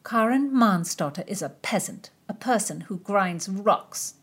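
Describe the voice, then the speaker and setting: A woman's voice: medium pitch, lively intonation, measured pace, breathy edge, voice pushed up. A woman voicing a worldly, teasing lady-in-waiting who speaks boldly. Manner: teasing, bold.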